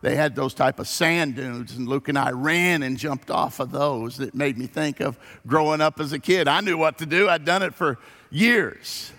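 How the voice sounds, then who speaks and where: Gravelly-voiced man preaching in a reverberant hall. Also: a little high, moderate pace. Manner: storytelling, folksy and animated. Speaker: pastor. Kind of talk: sermon.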